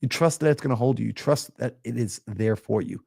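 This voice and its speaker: A man coaching on a live stream, energetic and preachy, acting out little everyday scenes. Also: medium pitch, a little fast, gravelly, husky. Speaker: mindset coach. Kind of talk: motivational live-stream talk.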